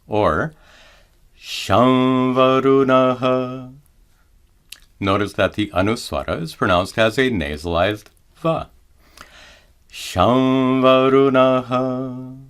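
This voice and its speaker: A middle-aged man teaching Sanskrit chanting in a measured, calm manner, pausing to chant each example slowly. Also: lowish voice. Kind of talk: slow explanatory lesson with chanted examples.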